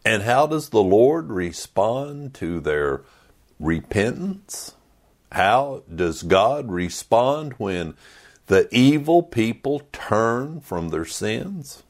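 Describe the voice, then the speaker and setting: Pastor, male, low voice with lively swings, slow deliberate sermon delivery, dramatic readings. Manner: dramatic, voices quoted complaints with rising pitch.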